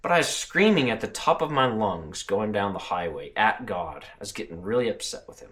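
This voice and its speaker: A man speaking earnestly to camera about a personal spiritual experience. His pitch moves widely, rising and falling with feeling, and he often breaks off and restarts his sentences. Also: animated, brisk, hardly any pauses, a bit bright. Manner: earnest, emotional storytelling with frequent restarts. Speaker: channel host and truck driver.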